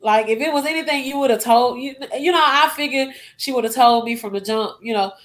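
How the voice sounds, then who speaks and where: A woman's voice: on the high side, a little fast. A young adult woman, a guest, emotionally retelling a personal story and acting out what people said. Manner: emotional retelling with acted-out quotes.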